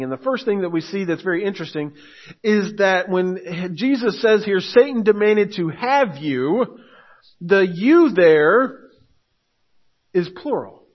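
A man's voice: high-pitched, expressive, normal speed, highs cut off. A man preaching a sermon as pastor, earnest and building to emphatic urgency.

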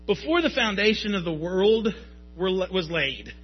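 Male pastor, thirties: high husky voice, emphatic sermon delivery, dull lo-fi sound. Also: sing-song, a little slow. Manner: emphatic, rising to shouts at peaks.

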